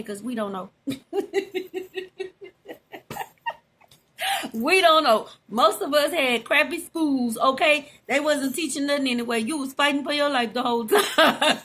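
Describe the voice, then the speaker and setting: A middle-aged Southern woman with a high, bright voice talks straight to her followers. She is folksy and chatty, calls them y'all and laughs easily, with a voice that rings and sits up high. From Louisiana, USA. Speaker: vlogger. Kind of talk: casual direct-to-camera talk.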